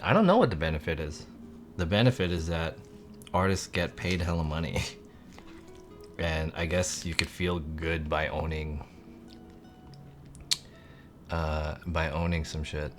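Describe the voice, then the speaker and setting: A man's voice: extremely low pitch, measured pace, pauses often, soft background music. A man live-streaming and chatting casually with viewers, rambling with many "like" fillers.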